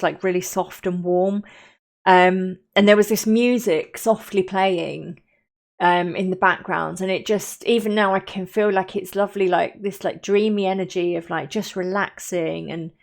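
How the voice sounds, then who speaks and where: A woman recounting a channeling session in a gentle, hesitant way, with many fillers and restarts. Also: on the low side. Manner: gentle and dreamy, lingering on feelings. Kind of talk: casual spoken recollection.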